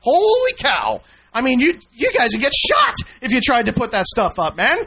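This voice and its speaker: A man's voice: extremely high pitch, wildly swooping pitch, a little fast, sharp tone, slight background noise. A man hosting a radio show, combative and mocking, swearing and talking over his guest.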